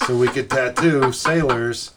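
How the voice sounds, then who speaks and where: Deadpan joking man over loud noise. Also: mid-range voice, unhurried. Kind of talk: casual chat.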